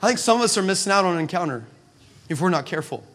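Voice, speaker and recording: A male preacher delivering a sermon with humorous storytelling, animated and acting out dialogue. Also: high voice, racing. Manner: animated, acts out dialogue, laughing asides. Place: church meeting room.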